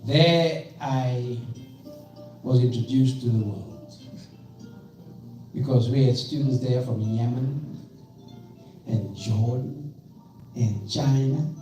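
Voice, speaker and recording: A South African man in his fifties, a pastor giving an animated storytelling talk in a museum gallery, often checking in with the audience. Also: medium pitch. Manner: animated, leads call-and-response, asks "right?" often. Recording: echoey gallery from far off with music.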